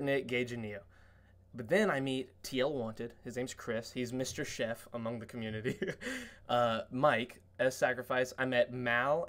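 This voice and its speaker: In a relaxed podcast conversation, a male guest spins stories with lots of excitement, swearing and filler words. He performs quotes loudly, switching to a much higher voice for them.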